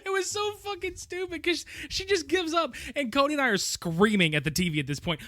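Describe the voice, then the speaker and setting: High-voiced, lively man riffing on a movie. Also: fairly quick, hardly any pauses, dry recording, studio quality. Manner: animated, laughing, acts out movie characters in put-on voices. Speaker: podcast co-host. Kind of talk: casual film-review chat.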